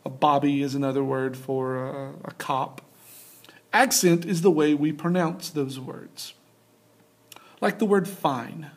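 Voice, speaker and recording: Casual higher-voiced male teacher. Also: steady tone, slow. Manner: casual, loose, many fillers and restarts. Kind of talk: recorded lecture over slides.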